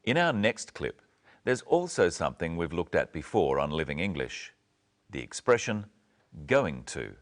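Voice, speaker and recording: Man, very low voice, wide-ranging intonation, scripted lesson narration, slow clear teaching. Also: sing-song. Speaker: presenter.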